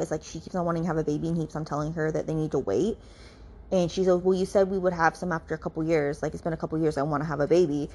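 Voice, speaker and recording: Woman, podcast host, casual book recap, chatty, lowish voice. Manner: chatty, filler-heavy, swears casually. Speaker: podcast host reviewing a novel.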